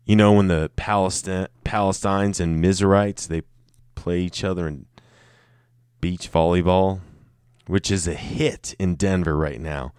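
Slow, deep-voiced joking man. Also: clean tone, no echo, studio quality. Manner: joking, profane, stumbling over words. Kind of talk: casual off-the-cuff monologue.

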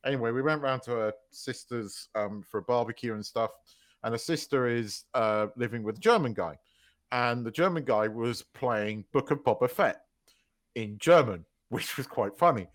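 A man's voice: mid-range voice, normal speed. A man co-hosting a podcast, chatting casually, telling stories with lots of laughter and swearing. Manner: animated storyteller, swears freely, laughs loudly mid-story. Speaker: podcast co-host. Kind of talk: casual chat.

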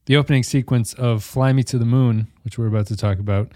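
A man's voice: mid-range voice, fairly quick, a little mellow, no echo, studio quality. A man hosting a casual podcast discussion, joking and laughing often as he talks. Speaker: podcast host.

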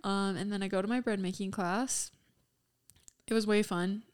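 A woman's voice: medium pitch, steady tone, normal speed, clean tone. A young woman co-hosting a podcast, telling stories in a chatty, giggly way with lots of "like"s. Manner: chatty storyteller, giggly, many "like"s. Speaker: podcast co-host. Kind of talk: casual chat.

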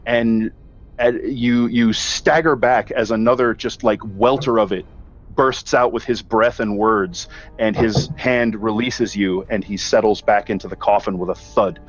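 A man's voice: on the low side, fairly even intonation, unhurried. A man narrating as game master of a tabletop game, telling the scene vividly with small hesitations. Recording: dull lo-fi audio, faint music.

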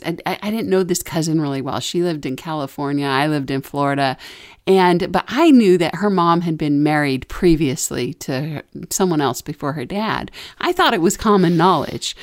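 A woman's voice: lowish voice, normal speed, no echo, studio quality. A woman co-hosting a casual parenting podcast, telling stories and acting out the people she quotes. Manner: animated storyteller, acts out quotes. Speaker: podcast co-host.

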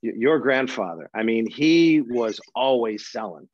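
An easygoing man chats with a relative as the interviewer, swearing casually. His voice is of ordinary pitch. The sound is dull and lo-fi, with a dry, close feel. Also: expressive, measured pace, dry recording. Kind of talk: casual family chat.

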